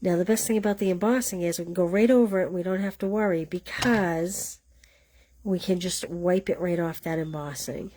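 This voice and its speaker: With a fairly low, mellow voice and a moderate pace, a woman from Boston runs a live card-stamping class. She chats, teases herself, and explains each step, with slight noise in the background.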